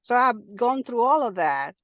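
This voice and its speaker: Woman, higher voice, calling from a car, dull dry audio, hurried, halting. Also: big pitch swings, fairly bright tone, no echo. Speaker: director of religious education. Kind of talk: casual call-in sharing. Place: car while driving.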